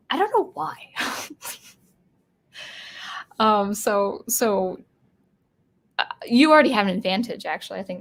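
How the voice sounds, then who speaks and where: A woman's voice: medium pitch, vocal fry. Chatty American woman hosting a live Q&A. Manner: chatty, explanatory, with frequent restarts. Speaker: live-stream host of a music channel. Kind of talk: casual live Q&A, reading viewer comments aloud.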